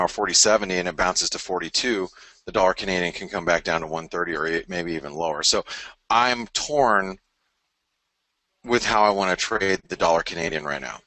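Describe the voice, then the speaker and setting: Hosting a live trading webinar, this man talks through charts frankly and ramblingly, often stopping and restarting mid-thought. His voice sits low with a bright, forceful tone, and there's no room sound.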